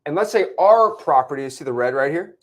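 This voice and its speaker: A young man teaching a real estate lesson at a whiteboard, animated, checking in with his listeners often and acting out characters in put-on voices. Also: a little high, fairly quick. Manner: animated, explains with repeated check-ins.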